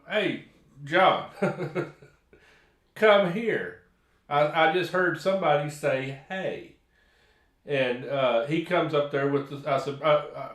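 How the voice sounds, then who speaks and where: A man's voice: a little high, fairly bright tone. An older man with a Texan accent, rambling through a story in casual live-stream chat, with restarts and chuckles. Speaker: paranormal investigator co-host. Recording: echoey room.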